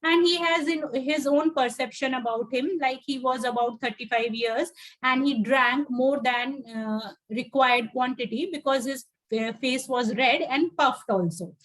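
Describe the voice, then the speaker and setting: Woman, online English tutor, high-pitched, patient, pauses often, video-call mic. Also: a bit bright. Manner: patient, many "uh" pauses while explaining. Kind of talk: online class, reading and explaining a story line by line.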